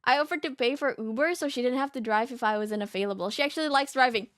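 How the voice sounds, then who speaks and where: A woman streamer reading a story aloud and reacting in casual chat, animated and giggly, often laughing. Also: fairly high pitch, quick pace, no room sound, studio quality, soft background music. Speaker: VTuber streamer.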